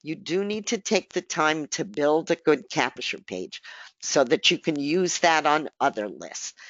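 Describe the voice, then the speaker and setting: A woman's voice: deep voice, dry recording. A woman presenting a live marketing webinar who repeats her key points and speaks straight to her listeners, while she is losing her voice. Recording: dull, dry lo-fi recording.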